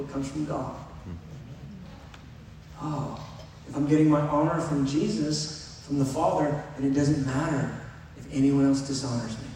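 Middle-aged preacher in an echoey hall. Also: male voice, mid-range voice, a little mellow. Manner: conversational, earnest preaching with asides to the congregation. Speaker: pastor. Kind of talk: sermon. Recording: echoey hall from far off, faint noise.

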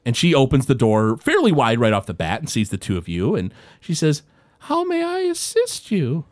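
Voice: medium pitch, very animated, a little fast. A game master narrating a tabletop game in a loose, rambling way, full of fillers and restarts.

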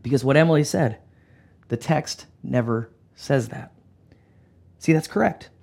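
A man preaching a sermon in an animated, emphatic way, often dropping to a soft, low delivery. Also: unhurried, creaky. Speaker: pastor.

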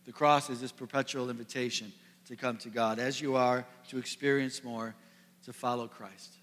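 A pastor from the Midwest preaching a sermon to a congregation, earnest, building to emphatic peaks and dropping soft. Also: male voice, medium pitch, fairly even intonation, moderate pace. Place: church sanctuary. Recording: long reverb of a large hall.

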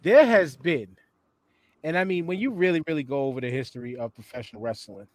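A man hosting a podcast, relaxed as he steers the talk to the next topic. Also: fairly high pitch, fairly quick, no echo. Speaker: podcast host.

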